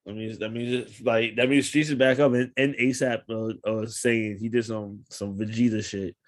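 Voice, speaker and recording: A man's voice: lowish voice, flat delivery, normal speed. A man co-hosting a casual podcast chat, wry and teasing, often musing hesitantly. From West Indian family. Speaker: podcast co-host.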